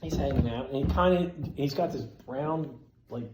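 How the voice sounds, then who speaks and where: A man's voice: mid-range voice, normal speed, echoey room, background noise. A man telling a story casually and with energy, cursing freely and acting out the lines of the people in it. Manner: animated, profane, acts out quotes loudly. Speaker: storyteller at a skate event.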